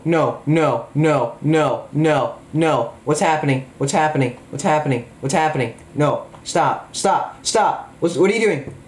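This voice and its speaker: A man giving excited, jokey gameplay commentary, full of exclamations. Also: fairly high pitch, reverberant. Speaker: gamer.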